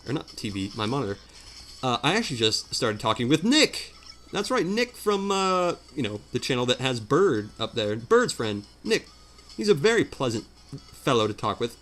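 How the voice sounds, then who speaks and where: With a sing-song lilt at normal speed, this man's mid-range, fairly bright voice carries a little background hiss or hum. He rambles through a game playthrough at home as a let's play commentator, joking at his own expense and using lots of fillers.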